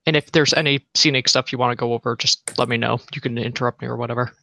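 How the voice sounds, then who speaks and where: A woman player telling an in-game tale in a halting way, with fillers and restarts. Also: rumbling low, fairly even intonation, vocal fry, bright, forceful tone, no echo.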